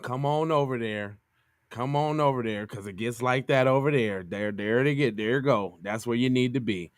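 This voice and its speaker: A man co-hosting a podcast, reacting to a news clip in animated, slangy casual talk. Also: medium pitch, normal speed, no echo, studio quality. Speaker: podcast co-host.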